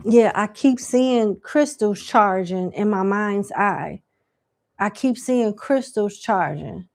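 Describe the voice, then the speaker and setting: A woman's voice: medium pitch, takes it slowly. Chatty woman doing live tarot readings. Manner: casual, chatty, slangy, laughing asides. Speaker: tarot reader.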